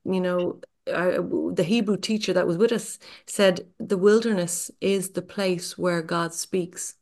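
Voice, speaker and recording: A woman's voice: fairly low pitch, fairly even intonation, a little slow, darkish tone. Woman host, affirming and encouraging, conversational faith talk.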